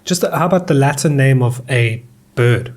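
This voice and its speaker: A man's voice: medium pitch, normal speed. A man co-hosting a podcast in casual banter, putting the questions to the others and tripping over long words. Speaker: podcast co-host.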